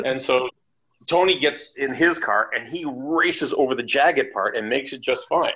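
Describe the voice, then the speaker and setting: A man's voice: mid-range voice, moderate pace, bright, forceful tone, lo-fi sound. A man telling a long anecdote in casual chat, acting out quotes and laughing often. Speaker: guest storyteller.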